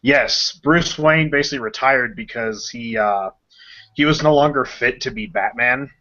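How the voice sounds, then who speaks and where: Bright-voiced man in casual podcast chat. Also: medium pitch. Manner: enthusiastic, acts out scenes in quick voices. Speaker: podcast co-host. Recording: dull lo-fi podcast audio.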